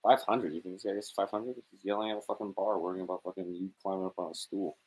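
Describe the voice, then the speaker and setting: A man with a low, deep voice trades blunt, sarcastic quips. He swears freely and keeps things loose and conversational. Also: steady tone, fast talker, a little mellow, breathy edge. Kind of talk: casual chat.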